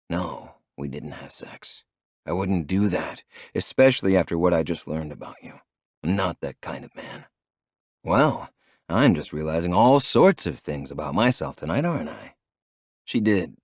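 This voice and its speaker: A man narrates a romance audiobook in the first person, in a very deep voice. His delivery is low, measured and intimate. The sound is dry and close, with no room around it. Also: lively intonation, a little mellow, husky, dry recording.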